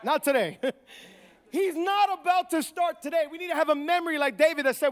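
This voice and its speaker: A man pastor preaching a sermon, building to loud repeated refrains and acting out quick quoted voices. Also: extremely high pitch. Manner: preaching with rising volume, repeated call-and-response phrases.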